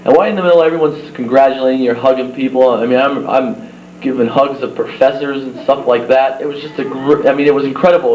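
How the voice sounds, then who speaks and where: A young man giving an earnest speech at a sports banquet, telling a story with halting restarts. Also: medium pitch, a little mellow. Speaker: banquet guest speaker. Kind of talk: speech to a crowd. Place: banquet hall. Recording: roomy, dull old videotape with hum.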